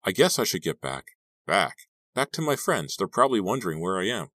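A man reading an audiobook aloud and voicing a frightened teenage girl who pleads in a high, strained voice. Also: very animated, a little fast, a bit bright, no echo, clean studio sound, full character voice. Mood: nervous.

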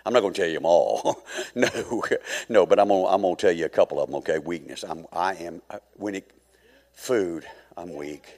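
A middle-aged male pastor preaching a sermon, swinging from hushed asides to fervent shouting. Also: low-pitched, brisk, long reverb tail.

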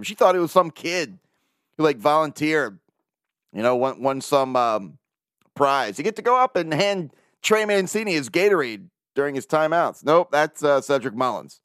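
A man hosting a podcast in a casual monologue, animated and self-mocking, chuckling often. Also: a little high, normal speed, no room sound, clean studio sound. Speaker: podcast host.

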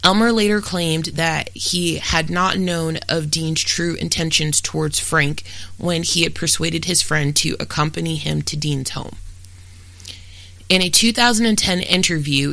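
A true-crime podcast host reads a scripted account in a steady, matter-of-fact way and turns blunt and profane in casual asides. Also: medium pitch, gravelly, no echo, rough recording.

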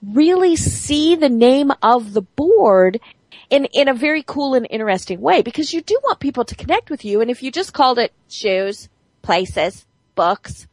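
Lively, high-voiced woman radio host. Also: normal speed, no room sound. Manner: enthusiastic, emphatic, lively. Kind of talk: casual radio chat.

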